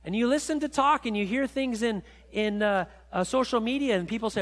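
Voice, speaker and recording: High-voiced animated male preacher. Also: fairly quick, hardly any pauses, in a large hall. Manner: animated storytelling, rising high when excited, dropping low and quiet for reflection. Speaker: pastor. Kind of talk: sermon. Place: church sanctuary.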